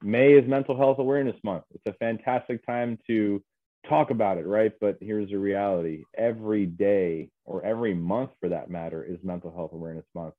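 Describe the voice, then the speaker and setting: A man speaking as a guest in an interview, earnest and halting, with many fillers and restarts. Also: fairly low pitch, no room sound. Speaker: guest, mental health specialist. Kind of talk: casual interview chat. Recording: dry, tinny phone-like line.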